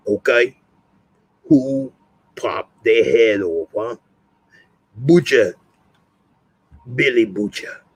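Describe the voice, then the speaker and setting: A man voicing a menacing, foul-mouthed British male vigilante in a low, bullying, clipped delivery. He speaks slowly and the sound is dry and close. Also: husky, no echo, exaggerated voice, rough recording.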